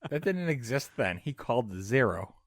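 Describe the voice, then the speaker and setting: A man's voice: medium pitch, big pitch swings, moderate pace. A man on a podcast, chatting casually and dropping dry quips. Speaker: podcast co-host. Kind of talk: casual chat.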